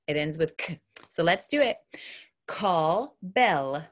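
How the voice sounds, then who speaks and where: Kindergarten teacher, woman: slow, deliberate sounding-out, bouncy lively pitch, upbeat and encouraging. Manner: slow, clear, exaggerated word modeling. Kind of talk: online phonics lesson for young children.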